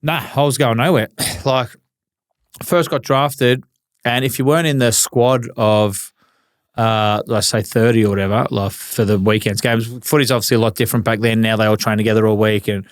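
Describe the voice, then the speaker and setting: Australian male guest, forties, smooth resonant voice, relaxed storyteller who swears and laughs through his anecdotes, dry close sound. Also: fairly low pitch, moderate pace, dry recording. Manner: laid-back, swears freely, laughs through stories. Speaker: guest, retired footballer. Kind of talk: casual storytelling interview.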